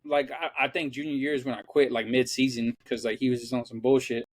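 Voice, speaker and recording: Fairly quick and mid-range, this young man's voice carries no room sound as he co-hosts a podcast. He chats casually, spinning profane anecdotes and animatedly voicing what others said.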